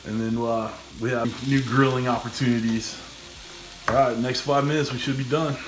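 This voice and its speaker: A man's voice: medium pitch, steady tone, moderate pace, a little hiss or hum. A man hosting a casual cooking demo, easygoing and chatty, saying "all right" often while he grills. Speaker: cooking channel host. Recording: roomy echo.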